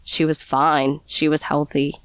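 A young woman recounting a painful memory as an interview guest, halting and sighing, stumbling over her words. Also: sits low, flat delivery, clear, resonant tone, no room sound. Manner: halting, stammers and sighs while recalling. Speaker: guest telling her story. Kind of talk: emotional first-person account.

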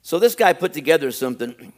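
A man preaching to his congregation with a slightly raised pitch, circling back over his phrases and pressing each point harder. He reads his lists slowly and deliberately. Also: expressive. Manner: preaching with rising emphasis and frequent repetition. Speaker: pastor. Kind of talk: sermon.

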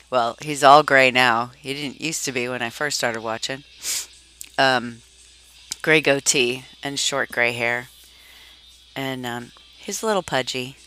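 Slow-talking, bright-voiced chatty woman. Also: a bass voice. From Massachusetts. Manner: rambling, chatty, laughs often, trails off. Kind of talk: casual chat.

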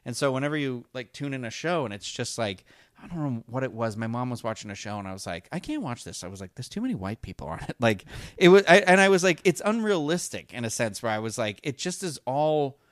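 A man co-hosting a casual fan podcast, talking in halting, rambling sentences full of restarts and fillers. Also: mid-range voice, lively intonation, fairly bright tone, dry recording, clean studio sound. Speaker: podcast co-host.

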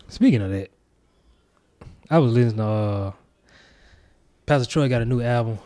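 Chill dude w a warm dark voice, AAVE, joking around. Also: male voice, mid-range voice, slow pace. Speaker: podcast co-host. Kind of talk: casual chat.

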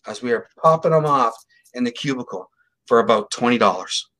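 A man's voice: mid-range voice, moderate pace. A middle-aged man speaking as an interview guest, telling a case story in a casual, emphatic way and acting out what others said. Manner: animated, emphatic, acts out quotes.

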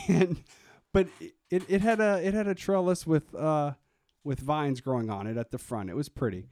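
A man's voice: on the high side, normal speed, a little mellow, no echo, studio quality. A man co-hosting a podcast, telling a story earnestly in casual chat, often restarting and laughing. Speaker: podcast co-host.

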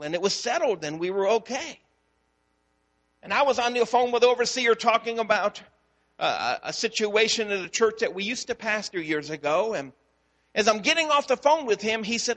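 A man's voice: high-pitched, big-room sound. A man, a pastor, preaching a sermon and telling a story, acting out the dialogue. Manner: storytelling, animated, acts out dialogue.

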